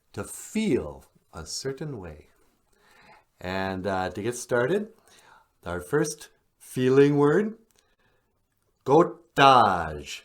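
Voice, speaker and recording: A man hosting a podcast, teaching vocabulary in a relaxed, encouraging way and gently prompting his partner. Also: medium pitch, extremely slow, pauses often. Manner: encouraging, calls partner sweetie. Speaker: podcast host teaching words. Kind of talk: language lesson, casual.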